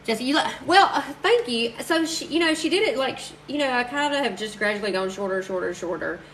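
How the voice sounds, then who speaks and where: A woman's voice: on the high side, lively intonation, fairly bright tone, slight background noise, rough recording. A woman chatting casually and gushing to viewers while crafting on a live stream. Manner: chatty, gushing, quick to laugh.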